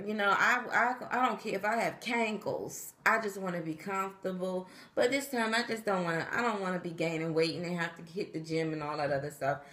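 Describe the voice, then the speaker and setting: A woman's voice: medium pitch, a bit bright, reverberant. A tired woman vlogging in a casual, chatty way, talking straight to her viewers and acting out what people said. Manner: chatty, talks straight to viewers, acts out quotes. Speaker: pregnancy vlogger. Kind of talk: casual chat to camera.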